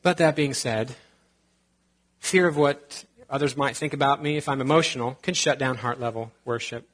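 A male pastor preaching in a relaxed, conversational way. His voice sits at an ordinary middle pitch. He slips in joking asides now and then. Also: normal speed. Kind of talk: sermon.

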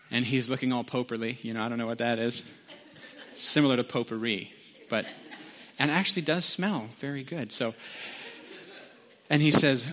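A man's voice: mid-range voice, moderate pace, fairly bright tone. A middle-aged man preaching a sermon, telling a joke and reading scripture in a loose, conversational way with plenty of fillers. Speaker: pastor.

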